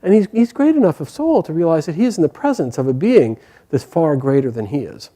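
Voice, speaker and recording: A man teaching a spiritual class, telling a story gently and hesitantly with many pauses and fillers. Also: fairly high pitch, sing-song.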